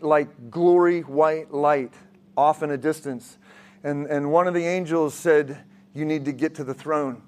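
Guy preaching, kinda high voice, tells his story earnest and stumbly, lots of restarts. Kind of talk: sermon testimony.

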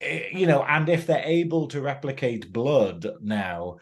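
An enthusiastic man from northern England talks through a TV episode in a relaxed review chat. He laughs often and acts out the characters' lines as he goes. His voice sits at an everyday middle pitch. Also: measured pace. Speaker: podcast co-host.

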